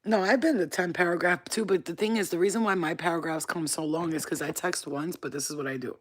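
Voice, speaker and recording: A woman's voice: lowish voice, steady tone, fast. A woman from upstate New York chatting casually on a livestream, candid, swearing freely and laughing often.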